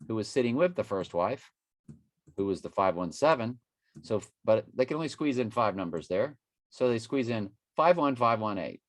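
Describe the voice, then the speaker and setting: With a lowish voice and no echo in the audio, a middle-aged man preaches online, wandering through prophecy while hopping from numbers to scripture and back.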